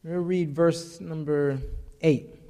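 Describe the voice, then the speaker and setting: Guy preaching, high voice, reads bible then jokes around, echoey hall. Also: fairly even intonation, takes it slowly, mellow. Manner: casual, chuckling asides between scripture readings. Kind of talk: sermon with Bible reading.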